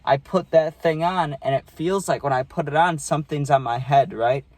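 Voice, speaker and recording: A man's voice: a little high, moderate pace, darkish tone, no echo. A man telling a story from his childhood to camera in a loose, profane way, full of fillers and "right?" tag questions. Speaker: vlogger. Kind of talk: casual storytime.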